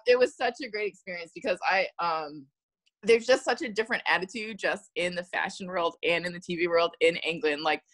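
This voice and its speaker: A woman's voice: on the low side, dry recording. An American woman, a model and actress, chatting as a guest and telling stories with acted-out quotes and frequent laughs. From United States. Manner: lively storytelling, acts out quotes, laughs often. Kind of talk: casual interview chat.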